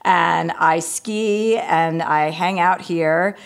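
A woman's voice: on the low side, drawn-out words, gravelly. Woman, middle-aged, stand-up comic; dry, profane, sardonic banter. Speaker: comedian and talk show host. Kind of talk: casual chat on a video call.

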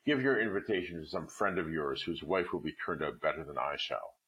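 A man's voice: deep voice, sing-song, normal speed. A man voicing a vain, discontented young wife in a storybook reading, speaking with petulant self-pity. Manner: petulant, self-pitying complaint.

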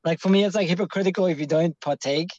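A man's voice: high voice, quick pace, a little mellow, dry recording, highs cut off. Rambling, swearing male caller. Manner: rambling, heavy swearing, many restarts. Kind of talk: casual storytelling.

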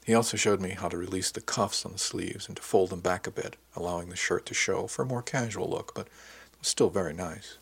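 A man narrating a first-person audiobook in a measured, descriptive manner. His voice is deep and husky.

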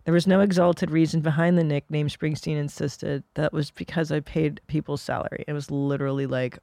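A woman's voice: deep voice, steady tone, brisk, gravelly, hardly any pauses, warm tone, dry recording. A woman in casual podcast chat, rambling and musing, laughing easily.

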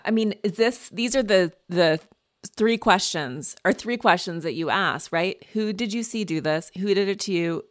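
A woman's voice: fairly low pitch, a bit bright. A woman hosting an interview, asking thoughtful, searching questions. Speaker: podcast host.

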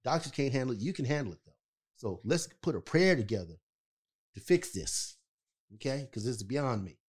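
A man in easy podcast conversation, talking in a middle register with emphatic, animated storytelling. He drives his points home with a repeated "okay?" and lingers on key words. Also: medium pitch, normal speed, slightly rough. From California. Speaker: podcast co-host. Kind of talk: casual storytelling chat.

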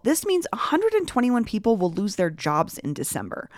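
A woman's voice: mid-range voice, wildly swooping pitch, moderate pace, a little mellow, no echo, clean studio sound. A woman hosting a local news podcast, reading the headlines in a chatty way. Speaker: podcast host.

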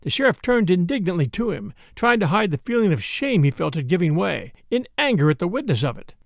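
A man narrating a classic story as an audiobook, in a measured storytelling manner. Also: sits high, very animated, vocal fry, no room sound, studio quality.

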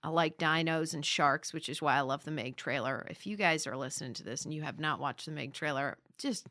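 A bubbly woman from Las Vegas, a comedic actor talking as a podcast guest, bright and forceful in tone. She gushes and jokes with quick bursts of excitement. The sound is close and dry. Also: low-pitched, no echo. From Las Vegas, United States. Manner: bubbly, excitable, laughs often. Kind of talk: casual podcast chat.

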